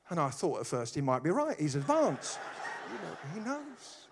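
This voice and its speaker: An animated man preaching to a congregation, spinning funny stories with quick asides. His pitch leaps around in lively swings and sits a little high for a man. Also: background noise. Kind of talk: humorous sermon.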